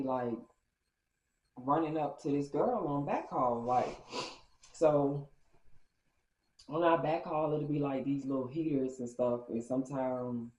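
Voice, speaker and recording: A woman telling a story in a casual storytime vlog, chatty and animated as she acts out the dialogue. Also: very deep voice. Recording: roomy, dull lo-fi sound.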